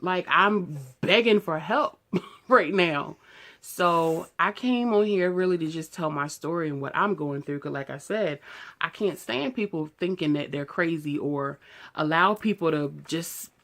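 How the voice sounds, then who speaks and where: A woman's voice: fairly low pitch, measured pace, fairly bright tone. A woman in her thirties, telling her own story to the camera in a raw, emotional and outspoken way, in loose casual speech. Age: 30s. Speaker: vlogger. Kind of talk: candid personal story to camera.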